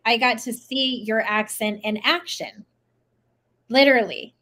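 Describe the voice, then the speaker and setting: Brief: female host, supportive and affirming, fairly high voice. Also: fairly even intonation, a little slow. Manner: warm, affirming, encouraging. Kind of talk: casual interview.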